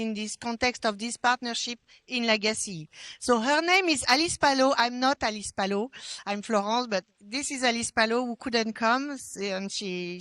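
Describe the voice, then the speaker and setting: A woman's voice: fairly high pitch, bright, forceful tone, clean tone, no room sound. A woman with a French accent presenting a photo exhibition, hesitant and full of restarts. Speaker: exhibition curator. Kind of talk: exhibition guide talk.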